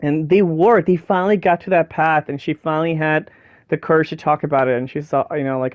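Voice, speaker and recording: A man's voice: a little high, fairly even intonation, brisk, no echo. A young man, talking about a game in a passionate, rambling way, full of fillers and swearing. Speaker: video creator. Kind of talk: casual emotional game discussion. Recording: dry, dull lo-fi home recording.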